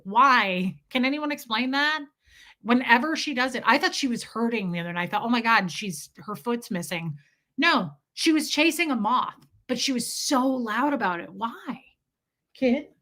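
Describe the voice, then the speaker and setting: A young woman hosting a live stream, chatting casually and reading out viewers' names in an animated, chatty way. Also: on the high side, moderate pace. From Midwest US. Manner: chatty, animated, reads chat names aloud. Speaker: livestream host.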